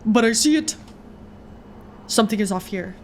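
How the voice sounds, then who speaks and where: A woman's voice: mid-range voice, expressive, moderate pace, a little mellow, slight background noise, close to an everyday voice. A woman voicing a stern, suspicious male bus conductor who gives cold, commanding orders.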